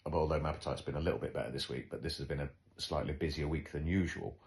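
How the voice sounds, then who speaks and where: Deep-voiced male host, casual chat, dry self-mocking humour. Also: fairly even intonation, fast talker, a little mellow. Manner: wry, joking, self-deprecating. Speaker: podcast host.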